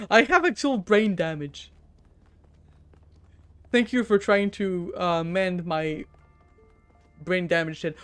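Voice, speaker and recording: French lady streaming a game, giggly, stammers a lot, smooth clear voice, bit of music behind. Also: fairly low pitch, slow, pauses often. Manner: self-teasing, stammering, giggly. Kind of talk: casual gaming commentary.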